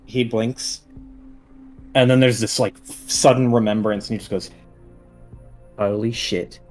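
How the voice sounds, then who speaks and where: A man's voice: medium pitch, steady tone, moderate pace, a little mellow, faint music behind. A man running a tabletop game as game master, narrating in a casual, chuckling way full of fillers.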